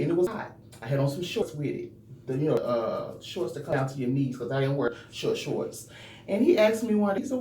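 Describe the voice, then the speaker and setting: A woman's voice: lowish voice, darkish tone, distant mic. A woman vlogger, telling a personal story earnestly and talking straight to her viewers. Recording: roomy, from off the mic, faint hum.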